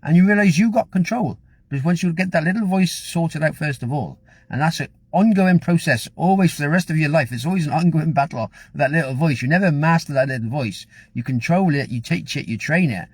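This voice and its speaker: A man's voice: fairly high pitch, a little fast, slightly rough, no echo. A man giving a casual, chatty motivational talk to camera, encouraging and a little repetitive. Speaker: motivational vlogger.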